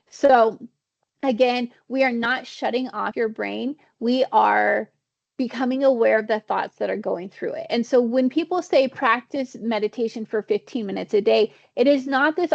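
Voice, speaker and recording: A woman trainer speaks casually over a video call, often checking in with her listeners. Her voice sits a little high with a gravelly fry. The audio is dull and lo-fi. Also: no room sound. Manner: conversational, checks in with "all right?". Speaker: workshop trainer. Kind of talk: online training session.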